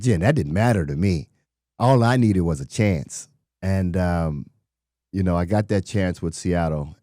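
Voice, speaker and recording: A middle-aged former football player telling stories in an interview, animated and acting out quotes from people he met. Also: low voice, dry recording, clean studio sound. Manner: animated storyteller, acts out quotes. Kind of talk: conversational interview storytelling.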